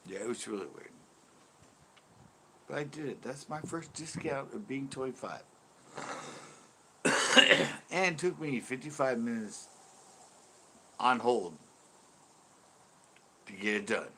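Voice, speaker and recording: A man's voice: mid-range voice, animated, takes it slowly, pauses often, sharp tone. A man in his fifties hosts his channel with a casual, rambling story. He talks animatedly, laughs often and swears freely. A faint hum of noise sits behind him. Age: 50s. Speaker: host.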